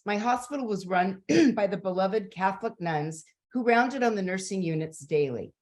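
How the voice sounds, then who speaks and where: Woman in her sixties, storyteller, measured earnest reading, light humor. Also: mid-range voice. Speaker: storyteller, retired nurse. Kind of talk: reading a personal story aloud.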